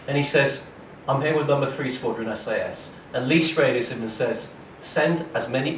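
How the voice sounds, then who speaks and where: A man, an author giving a lively storytelling lecture, acting out quoted speech and often checking in with "okay?" and "right?". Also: a little high. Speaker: author giving a public talk. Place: lecture hall at a museum. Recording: roomy hall, voice from a distance, faint noise.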